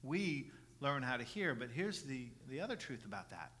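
A middle-aged man preaching a sermon as pastor, earnest, restarting phrases with repeated words and building from soft passages to loud emphatic ones. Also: mid-range voice, sing-song, normal speed, few pauses. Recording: long reverb of a large hall.

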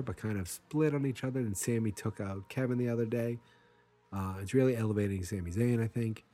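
A man's voice: lowish voice, mellow, breathy edge. A man hosting a wrestling show, giving casual, rambling, jokey predictions.

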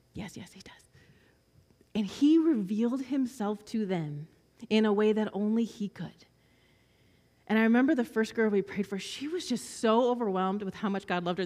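A woman's voice: mid-range voice, big-room sound. A woman giving a personal testimony, telling a story and acting out the voices of the children in it. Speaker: speaker sharing a testimony.

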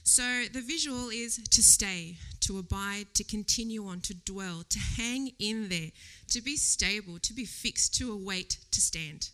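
Chatty bright-voiced woman preaching. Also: medium pitch, measured pace, hardly any pauses. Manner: chatty and animated, laughing often, whispering quoted thoughts. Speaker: lay preacher. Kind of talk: casual church sermon with a personal story. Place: church service before a congregation.

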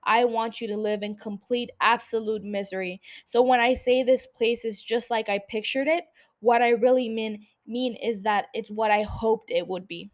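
A woman's voice: fairly high pitch, fairly even intonation, close to an everyday voice. A woman reading out a bitter wounded woman. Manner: measured, bitter, then forgiving. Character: wounded woman confronting the man who shot her.

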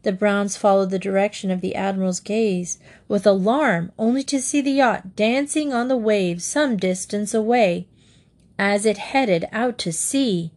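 A woman narrating a children's storybook aloud in a steady, even-paced reading. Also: medium pitch, unhurried.

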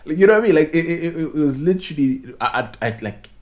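A man's voice: a little high, expressive, quick pace, background noise. A young Zimbabwean man whose first language is Ndebele, telling a story in casual chat and acting out both sides of a phone call.

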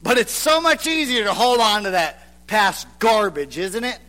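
A man preaching a sermon as a pastor, dropping to hushed, near-whispered lines for emphasis and acting out the voices of reluctant listeners. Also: sits high, very animated, measured pace. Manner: acts out the voices of reluctant churchgoers.

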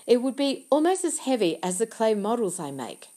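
Narrating an audiobook, a woman plays an eager, earnest young girl explaining things with fierce insistence. She pushes her voice up to a fairly high, sing-song pitch that's mellow and fairly quick.

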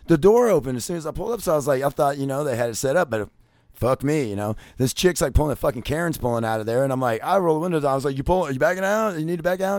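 A man in the middle pitch range rants through a crude, rambling story, packed with curses and filler words. His voice swings from loud, heated bursts down to low mutters. The sound is dry and close, with no room echo. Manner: crude, swears constantly, many fillers like "you know". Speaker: vlogger.

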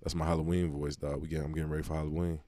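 A man's voice: rumbling low, flat delivery, very fast, dark tone, no echo. A man co-hosting a podcast, joking around and swearing, often dropping into a creepy put-on whisper. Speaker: podcast co-host. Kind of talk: casual chat.

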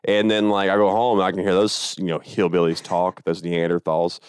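A man's voice: low-pitched, little pitch movement, fairly quick, smooth, no room sound, studio quality. A young man with a Southern US accent, rambling through stories in casual chat with sarcastic asides. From American South.

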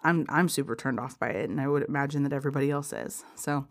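Casting note: low-pitched woman podcast host, heavily pregnant, rambling and chatty, quick to laugh. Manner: chatty, rambling, many fillers, laughs often. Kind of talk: casual spiritual podcast chat.

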